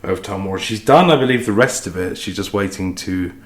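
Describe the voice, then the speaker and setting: Talking quickly in a low voice, a musician vlogger cooks and rambles about his day in an echoey kitchen with faint clatter in the background. He's chatty, sweary, and self-deprecating.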